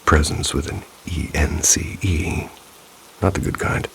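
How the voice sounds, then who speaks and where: A man's voice: very deep voice, a little slow, gravelly, a bit bright, slight background noise. A man narrating first-person paranormal stories in a scripted way, dropping dry, wry asides. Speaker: storyteller reading viewer stories.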